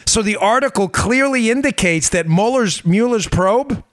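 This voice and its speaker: A man's voice: high voice, expressive, normal speed, no echo. A male podcast host giving political commentary, talking emphatically, firing rhetorical questions and speaking straight to his listeners.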